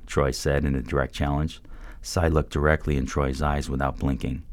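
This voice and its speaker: A man narrating a story in a steady, measured reading voice. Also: a bass voice, dry recording. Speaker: audiobook narrator. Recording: dry close-mic recording.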